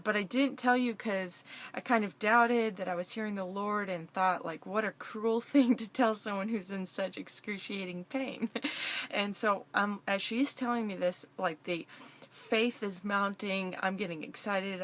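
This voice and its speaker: A young woman vlogger giving an emotional personal testimony to camera, excited and laughing through her words. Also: medium pitch, moderate pace.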